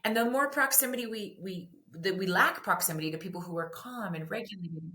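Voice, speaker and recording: A woman guest author in an animated interview, acting out parent and child voices as she explains. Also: mid-range voice, brisk. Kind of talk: animated interview talk with acted-out dialogue. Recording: echoey room.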